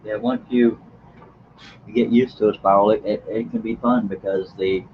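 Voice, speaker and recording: A folksy, joking man, hosting a casual live stream and chatting to his viewers. His voice sits low. The recording sounds a little dull, with faint background noise. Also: fairly even intonation, normal speed. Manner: folksy, joking, chuckles often.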